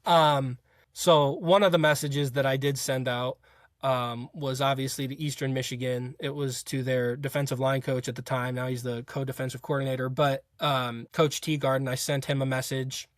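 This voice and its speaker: A man's voice: mid-range voice, level tone, normal speed, no echo, studio quality. A young man, a college football player, telling his story as an interview guest in a rambling, casual way full of fillers and restarts. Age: young adult. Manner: rambling, filler-heavy retelling with frequent restarts.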